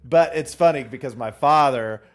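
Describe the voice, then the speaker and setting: A man from the Southern US with a mild Southern accent, co-hosting a casual podcast chat, animated and quick to laugh. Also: mid-range voice. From Southern US, Charlotte. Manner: animated, laughs often, slips into voices. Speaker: podcast co-host.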